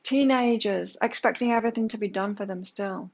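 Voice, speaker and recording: A woman's voice: mid-range voice, a little fast. A woman giving a daily tarot energy reading, talking emphatically with lots of rhetorical questions. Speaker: tarot reader. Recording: slightly dull lo-fi sound.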